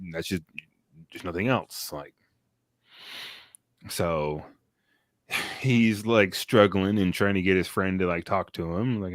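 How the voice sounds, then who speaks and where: A man with a fairly low voice recaps a film on a casual stream. He rambles, swears often and leans on fillers as he goes. The sound is close and dry. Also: no room sound. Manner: rambling, profane, chuckling recap. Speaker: podcast co-host. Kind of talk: casual chat, movie review.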